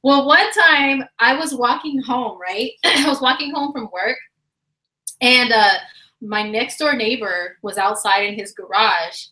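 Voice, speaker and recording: A woman telling a funny personal story in a casual, animated way, laughing often and using lots of fillers. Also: fairly high pitch, measured pace. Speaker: vlogger. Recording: roomy echo.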